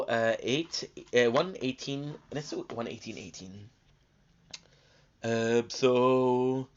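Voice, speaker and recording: A man streaming live gameplay, talking casually and rambling with lots of fillers, tired and coming down with a cold. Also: medium pitch. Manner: rambling, chatty, many fillers and restarts. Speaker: gaming streamer. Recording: dull lo-fi stream audio.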